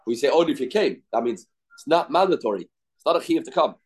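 A man's voice: medium pitch, animated, quick pace, a little mellow, slightly rough, low-quality recording. Man teaching Talmud in repeated phrases. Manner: explains in short repeated phrases, asks rhetorical questions. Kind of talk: daily Talmud class.

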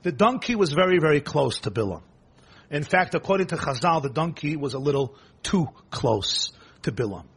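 A rabbi preaches a sermon in a husky, fairly high voice. His pitch swings widely as he tells the story. He breaks into rapid bursts of emphasis. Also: big pitch swings.

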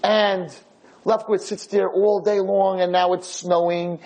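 A man telling a story in a lecture, with a husky, slightly high voice. He builds the tale through repetition, and his telling is dramatic and animated. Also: a little slow, poor audio. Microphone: filmed on camera.

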